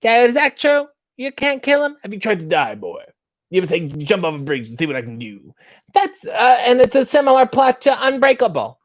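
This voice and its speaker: A man's voice: high voice, sing-song, a little fast, no room sound, voice pushed up. A man doing an impression of a pompous, snide middle-aged male celebrity interviewer who fawns and insults in the same breath, tacking "boy" onto his questions. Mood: snide mock-flattery.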